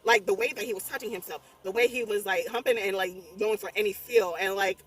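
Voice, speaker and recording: A young adult woman recapping a horror movie in a casual, rambling way, animated and swearing constantly as she exclaims through the story. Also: mid-range voice, quick pace, few pauses, distant mic. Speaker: movie reviewer. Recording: voice a bit off-mic, faint music behind.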